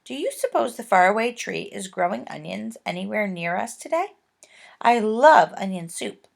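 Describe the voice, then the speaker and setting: A woman voicing a slow, dozy old man covered in pans in a children's storybook reading. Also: mid-range voice, big pitch swings, vocal fry. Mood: puzzled. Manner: slow and drawling.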